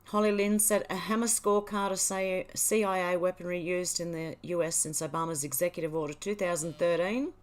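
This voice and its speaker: An Australian woman hosting a casual livestream, reading viewer comments aloud and chatting back in a relaxed way. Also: lowish voice, brisk, hardly any pauses. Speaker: livestream host. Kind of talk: casual live chat reading.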